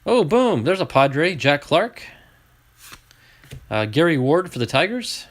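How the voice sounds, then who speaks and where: Man, card-opening streamer, casual chat, talks to viewers, animated pitch. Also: slow pace. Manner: chatty, excitable, talks to viewers.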